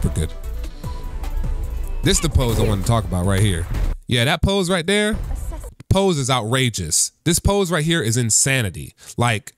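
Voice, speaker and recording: A young male gaming YouTuber talks in a casual, slangy way, and his voice swings widely in pitch as he gets hyped. He keeps breaking into loud bursts of excitement. Faint game music plays behind him. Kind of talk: casual gaming reaction commentary.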